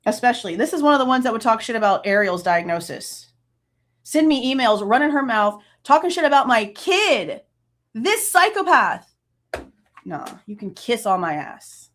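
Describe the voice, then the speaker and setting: A woman's voice: a little high, big pitch swings, normal speed, pauses often, a bit bright. A woman, hosting a true crime livestream, ranting angrily, swearing and laughing between outbursts. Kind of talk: casual livestream rant.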